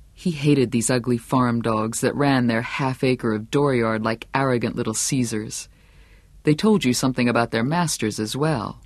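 A man's voice: medium pitch, no echo. Man reading a story, dry sound. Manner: steady, measured storytelling. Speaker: audiobook narrator. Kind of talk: scripted narration.

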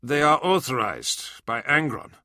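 A man voicing a grim, loyal male warrior lieutenant who speaks in a measured, quietly menacing way. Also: mid-range voice, animated, dry recording, studio quality, voice pushed up. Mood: reporting.

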